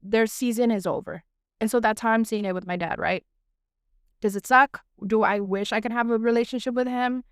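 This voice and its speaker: A young woman with a smooth, clear voice talks earnestly and candidly, as in a heartfelt sit-down podcast chat. She runs her thoughts together in long stretches, leaning on "like" and "right?", and the sound is close and dry. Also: fairly high pitch, fairly even intonation, brisk, no echo. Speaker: podcast host. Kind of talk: casual heartfelt conversation.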